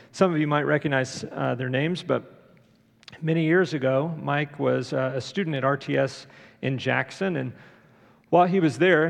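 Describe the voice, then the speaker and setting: A middle-aged man preaching a sermon, telling a story conversationally with many pauses and fillers. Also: medium pitch, gravelly. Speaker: pastor. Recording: long church reverb.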